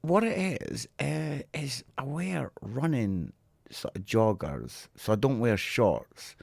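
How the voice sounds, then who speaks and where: Middle-aged man, podcast co-host, giggly and self-mocking, very lively pitch, dry close mic. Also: slow pace, vocal fry, breathy edge, no echo. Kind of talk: casual chat.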